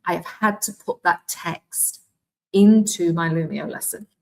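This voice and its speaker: A woman with a Welsh accent walks teachers through a live online demonstration. Her voice sits a little low, and she talks in a chatty, self-deprecating way, thinking aloud as she clicks. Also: a little slow, creaky, darkish tone, poor audio. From Wales. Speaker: teacher trainer.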